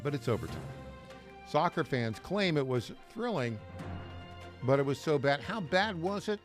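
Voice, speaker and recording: A man hosting talk radio, reading a morning news rundown in a lively, swooping voice. He drops sarcastic asides between items, with soft music faintly underneath. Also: medium pitch. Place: radio studio.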